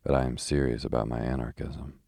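Touchy anarchist poet guy, deep-voiced reader doing him, slow and heavy, flat. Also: creaky, no room sound, studio quality, heavily acted. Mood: brooding. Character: brooding red-haired male anarchist poet.

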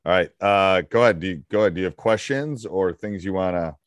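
A man's voice: deep voice, fairly quick, no echo, studio quality. A middle-aged man hosting a basketball coaching podcast, upbeat and chatty with lots of fillers. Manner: upbeat, rambling with fillers and laughs. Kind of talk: casual coaching chat.

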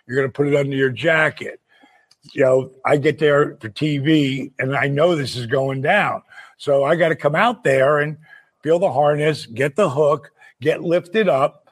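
A man hosting a podcast, telling a story in a casual, animated way, acting out other people's lines and laughing often. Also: fairly high pitch, a little slow, breathy edge. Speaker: podcast host.

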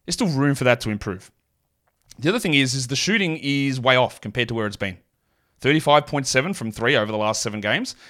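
A mid-pitched man from Australia with a mild Australian accent, hosting a solo sports podcast. He rattles off statistics quickly and breaks them up with casual asides. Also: expressive, a bit bright. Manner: rapid stat-heavy delivery with asides. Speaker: fantasy basketball podcast host.

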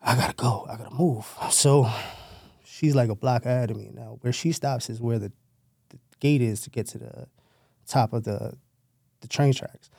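A man's voice: mid-range voice, normal speed, vocal fry, long pauses, dark tone, dry recording, studio quality. A man, telling his own story in loose street slang with plenty of profanity and rambling asides. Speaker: former gang member telling his story. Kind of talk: casual storytelling.

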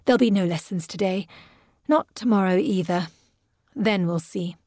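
A woman's voice: medium pitch, moderate pace, warm tone, no room sound, studio quality, lightly acted. A woman voicing a composed young governess who speaks in a cool, sardonic way.

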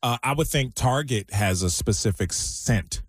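A man's voice: medium pitch, unhurried, husky, no echo, clean studio sound. A man co-hosting a radio show, joking around in a laid-back way. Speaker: radio co-host. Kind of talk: casual chat.

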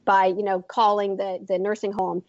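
A woman's voice: mid-range voice, little pitch movement, normal speed, no echo, lo-fi sound. A woman in her forties, an author and intuitive, chatting as an interview guest and rambling through her story with many fillers and restarts.

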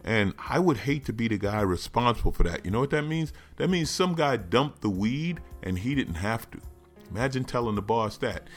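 A man's voice: medium pitch, expressive, normal speed, soft background music. A man hosting a podcast, riffing sarcastically and animatedly on news stories. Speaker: podcast host. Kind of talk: comedic news commentary.

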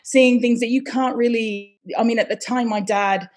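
A woman from Hawaii talking as a podcast guest, chatty and animated and laughing often. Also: on the high side, moderate pace. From Hawaii, United States. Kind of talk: casual interview chat.

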